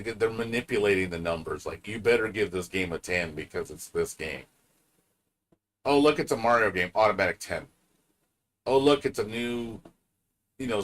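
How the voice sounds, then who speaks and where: A man's voice: on the low side, a little hiss or hum. Profane, heated man ranting on a stream. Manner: profane, heated ranting with mocking quoted voices. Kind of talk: casual gaming stream rant.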